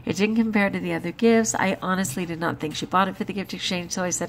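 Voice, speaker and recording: A woman's voice: on the low side, steady tone, fast, hardly any pauses, a little hiss or hum. An exhausted woman talking through her day in a chatty, emphatic personal vlog. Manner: chatty, emphatic, with frequent laughs and exclamations. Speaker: vlogger.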